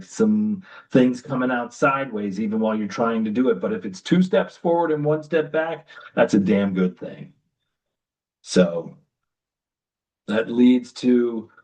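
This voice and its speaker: A man speaking at an unhurried pace and a middle pitch, leaning on key words. He coaches on relationships in a webinar. The sound is dull and a little distant from the mic. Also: warm tone. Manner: slow, emphatic, with deliberate pauses. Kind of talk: webinar talk.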